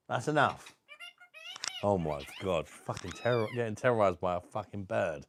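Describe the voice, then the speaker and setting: A man's voice: lowish voice, very animated, normal speed, a little hiss or hum. Sweary British man teasing his parrot. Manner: sweary, joking, coaxing a parrot to talk. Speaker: vlogger. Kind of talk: casual chat with a pet parrot.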